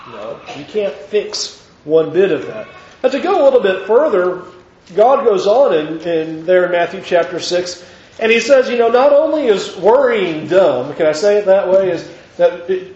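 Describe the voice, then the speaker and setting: A man's voice: sits high, darkish tone. A man preaching a sermon in a church, conversational and emphatic, often restarting his sentences. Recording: echoey room, dull lo-fi sound.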